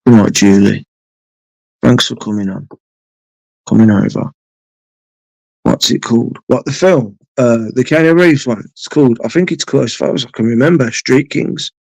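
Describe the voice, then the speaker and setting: A man's voice: medium pitch, normal speed, vocal fry, pauses often, a little mellow, dry recording, rough recording. A man hosting a late-night live stream from home, chatting to viewers in a rambling, sweary way. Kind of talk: casual chat with viewers.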